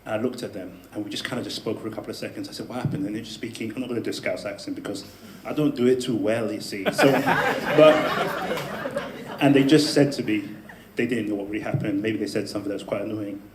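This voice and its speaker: A man telling a personal story to a live audience in a debate speech, animated, with laughing asides and emphatic peaks. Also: fairly low pitch, fast talker, noisy background. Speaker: debate speaker. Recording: echoey room with faint ambience.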